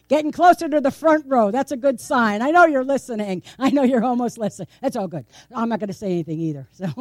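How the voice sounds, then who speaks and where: A woman pastor preaches a sermon at church in a conversational, playful style, throwing out rhetorical questions and laughing often. Her fairly high voice is expressive, brisk, and a little mellow. The audio is studio quality with no echo.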